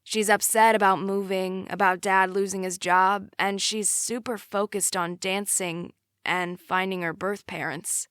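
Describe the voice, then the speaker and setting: A woman's voice: medium pitch, fairly even intonation, unhurried, hardly any pauses, fairly bright tone, clear, resonant tone, no echo, studio quality, lightly acted. A woman reading the lines of a protective young man, an easygoing older brother who turns firm about his sister, in an audiobook. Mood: earnest. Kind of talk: audiobook character voice.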